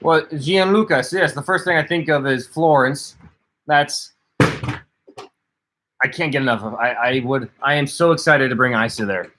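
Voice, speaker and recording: A man's voice: medium pitch, unhurried, noisy background. A man co-hosting a casual livestream, chatting as he reads out and answers viewer comments. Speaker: livestream co-host.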